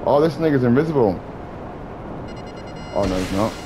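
A young man giving casual, excitable gameplay commentary, swearing and trash-talking other players. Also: mid-range voice, normal speed, background noise. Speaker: gaming YouTuber.

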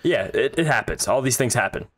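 Podcast guy riffing on his team's slump, jokey, throws in stats, swears a bit, middle pitch. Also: lively intonation, a little fast, fairly bright tone. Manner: joking, stats-minded, swears casually. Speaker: podcast co-host. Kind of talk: casual sports chat.

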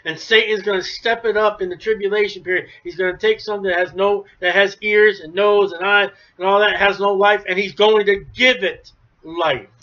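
A man preaching a sermon, emphatic, rising to near shouts then dropping low. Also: steady tone, moderate pace. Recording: dull lo-fi recording.

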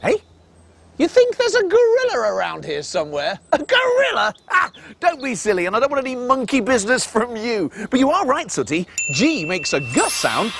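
A man's voice: very high-pitched, huge pitch swings, normal speed, vocal fry, a bit bright. A middle-aged man presenting a children's TV show, playful and teasing with puppets. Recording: music bed behind the voice. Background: music.

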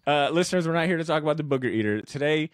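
A man's voice: fairly high pitch, lively intonation, rapid-fire, smooth, no room sound. A man hosting a comic book podcast in casual, joking, slangy banter. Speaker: podcast host.

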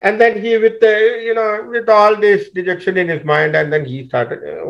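A man teaching scripture through a story, animated and often restarting his sentences. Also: sits high, normal speed, gravelly, hardly any pauses, highs cut off. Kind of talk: storytelling explanation.

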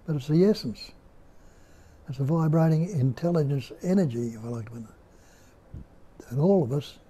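An older man with an Australian accent, giving a slow, musing spiritual talk at home and putting rhetorical questions to his listeners. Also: fairly high pitch, mellow, breathy edge. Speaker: spiritual teacher. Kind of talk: unhurried nondual teaching talk. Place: indoor room at home.

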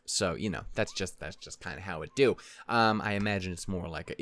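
A young man hosting a reaction video, talking in a playful, rambling way that swings from mock-stern mutters to loud bursts. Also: deep voice, a little fast, few pauses. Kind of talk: casual solo chat before a reaction.

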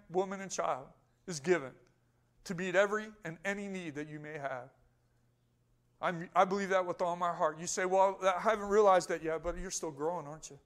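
Male pastor, high voice, emphatic sermon delivery with rhetorical questions. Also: fairly bright tone. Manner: emphatic preaching that rises and falls, with rhetorical questions to the congregation.

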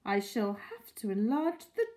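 A woman voicing an excitable, doting older lady who gushes over her pet tortoise. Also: medium pitch, unhurried. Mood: worried. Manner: gushing, squealing with delight.

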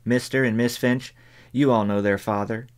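A man's voice: medium pitch, fairly even intonation, normal speed, close to an everyday voice. A man reading the part of a stern preacher, speaking formally and declaiming to a congregation. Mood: solemn. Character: stern middle-aged male preacher addressing his flock.

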